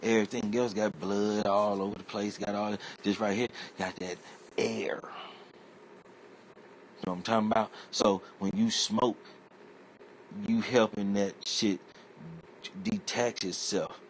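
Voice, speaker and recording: This man talks from very low in his chest, loose and rambling as he spins out a comic rant full of cursing. He drifts from point to point in a streetwise, offhand way. A faint hum of noise sits under his voice. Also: level tone, a little slow, long pauses. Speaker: internet comedian. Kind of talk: comedic rant monologue.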